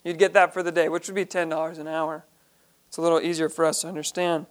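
A man's voice: on the high side, flat delivery, fast talker, clear, resonant tone. A man leading a Bible study, reading each verse aloud and then explaining it in plain, earnest terms.

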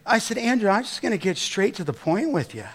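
A middle-aged man with a notably high voice delivers a sermon from the pulpit. He drives his points with emphatic, rising exhortations, then eases into storytelling about the people he meets. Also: sing-song, fairly quick, fairly bright tone. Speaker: pastor.

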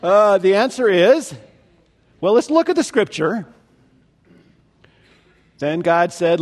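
A man with a high voice delivers a Bible teaching sermon. He talks conversationally, often posing questions to his listeners. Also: sing-song, slow pace, long pauses. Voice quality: conversational, asks the audience questions. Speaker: preacher.

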